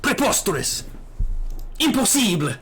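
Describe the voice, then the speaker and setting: A man voicing an arrogant male dragoon knight in a shaky put-on French accent, declaiming loudly. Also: sits high, big pitch swings, measured pace, breathy edge, voice pushed up, heavily acted. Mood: haughty. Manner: loud, theatrical declaiming.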